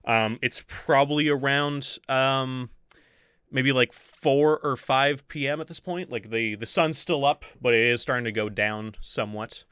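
Bright-voiced man running a tabletop game. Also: medium pitch, clear, resonant tone, no room sound, clean studio sound. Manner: rambling, many ums and uhs, laughs easily. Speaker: game master.

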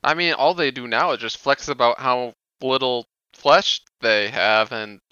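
A man's voice: mid-range voice, unhurried, bright, forceful tone, smooth, no room sound, highs cut off. A man co-hosting a casual gaming podcast, laid-back and joking, with some swearing. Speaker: podcast co-host.

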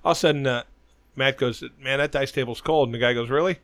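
A man's voice: mid-range voice, steady tone, quick pace, fairly bright tone, dry recording. A middle-aged man on a podcast, telling a long, loose story with lots of swearing. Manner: rambling storyteller, swears a lot. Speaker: podcast host. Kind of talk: casual chat.

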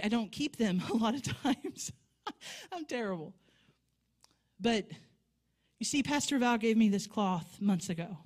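A woman preaching in a church sanctuary, her voice sitting in a middle pitch. She tells her story in a conversational way, then builds into fervent, rising exhortation. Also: darkish tone. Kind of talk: sermon.

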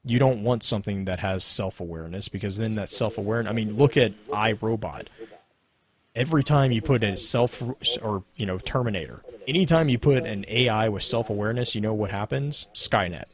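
A man co-hosting a casual gaming podcast, talking in an animated, rambling way with many restarts. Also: lowish voice, brisk. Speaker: podcast co-host reading game lore.

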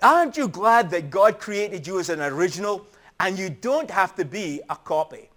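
High-voiced earnest male preacher. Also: lively intonation, moderate pace, a bit bright. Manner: earnest storytelling, emphatic. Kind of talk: sermon.

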